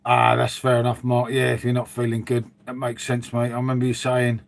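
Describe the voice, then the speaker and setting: A middle-aged streamer talks casually from his dim home room, answering viewers in a rambling, chatty way and repeatedly calling them "mate." His medium-pitched voice is creaky and monotone, and he speaks briskly.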